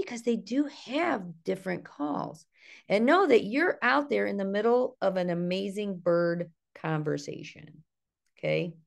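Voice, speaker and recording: Middle-aged ohio lady teaching about birds on a zoom call, gravelly, chatty and playful. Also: mid-range voice, a bit bright. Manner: chatty, playful, mimics bird calls in sing-song. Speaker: naturalist and art instructor. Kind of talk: online nature workshop talk. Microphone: video call.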